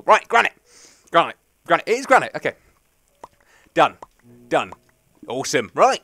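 A man's voice: on the high side, sing-song, a little fast, pauses often, sharp tone, no echo. Chatty young man gaming. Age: young adult. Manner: rambling, chatty, jokey. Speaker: gaming commentator. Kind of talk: casual let's play commentary.

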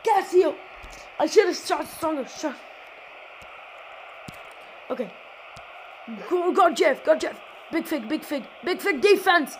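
A woman giving excited, rapid play-by-play football game commentary at home, yelling at the players. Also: high voice, a little hiss or hum, rough recording. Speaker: gameplay commentator.

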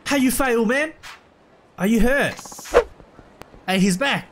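A man giving casual, excitable gameplay commentary, full of slang and shouts at the game. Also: extremely high pitch, takes it slowly, noisy background. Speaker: let's play gamer. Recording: loud game music underneath. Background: game music.

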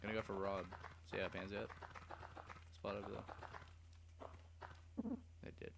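A man's voice: fairly low pitch, flat delivery, moderate pace, creaky, very noisy. A young man giving casual, rambling gameplay commentary full of swearing and mumbled asides. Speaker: let's play gamer. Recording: game music loud behind voice. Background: game music.

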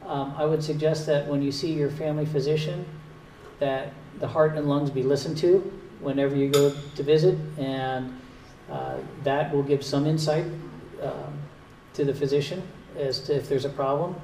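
A man's voice: fairly high pitch, fairly even intonation, moderate pace, dark tone. A man with a Northern US accent, a cardiologist, patiently explaining heart health to an audience with a few dry jokes. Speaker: cardiologist giving a talk. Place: community hall at a retirement home. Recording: echoey hall, distant mic, faint hiss.

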